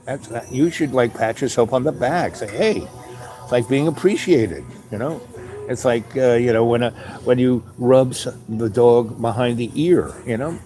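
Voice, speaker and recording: A man hosting his own show in a rambling, casual monologue. His voice sits at an ordinary middle pitch, and he drifts between asides and loose "you know" fillers. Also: normal speed, dark tone, soft background music. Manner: acts out little dialogues with raised voice. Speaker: show host.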